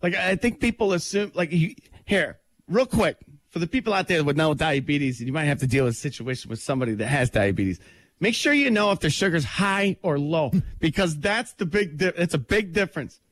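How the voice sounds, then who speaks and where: Animated male radio co-host, stubbornly joking. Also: a little high, fairly quick. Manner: stubborn, laughing, leans into jokes. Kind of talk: joking morning-radio banter. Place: radio studio. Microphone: studio mic.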